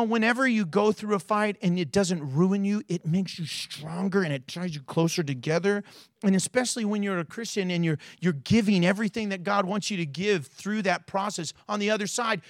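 A man preaching a sermon as a pastor in a church, animated and acting out quotes with big swings in his voice. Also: sits high, dry recording, clean studio sound.

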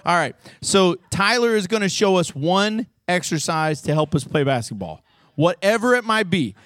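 Youth preacher, male, high-pitched, teasing crowd-worker, dry close mic. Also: lively intonation, moderate pace, no echo. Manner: playful, goading, shouts coaching cues. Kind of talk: youth sermon with audience games.

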